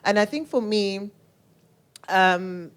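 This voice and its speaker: A woman's voice: medium pitch, slow, clear, resonant tone. South African woman, direct and prodding, casual podcast co-host. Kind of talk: casual chat.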